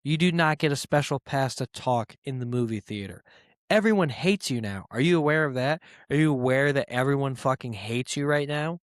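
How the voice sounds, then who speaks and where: A man's voice: mid-range voice, normal speed, no echo, clean studio sound. A man hosting his own podcast, ranting comically and profanely about a rude moviegoer, mocking people in quoted voices. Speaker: podcast host. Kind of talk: solo comedic rant.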